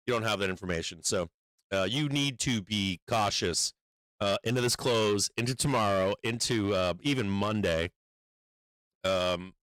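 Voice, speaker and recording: A man's voice: lowish voice, fairly bright tone, dry recording, poor audio. A man giving casual livestream market commentary, blunt and profane, rambling with many fillers and urgent warnings. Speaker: stock market streamer.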